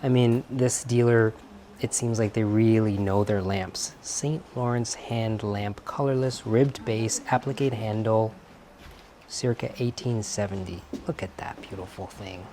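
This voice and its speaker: A man's voice: lowish voice, steady tone, measured pace, dark tone, a little hiss or hum. A man hosting a vlog, chatting with enthusiasm while browsing an indoor antique market and reading tags aloud. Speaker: vlog host. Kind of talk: casual vlog chat.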